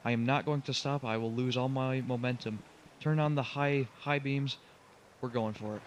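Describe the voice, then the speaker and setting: Groaning at his mistakes and pleading with the truck, a young gaming channel host gets frustrated while commenting on his own driving game run. He speaks in a mid-range voice with a steady tone and moderate pace. There's slight background noise.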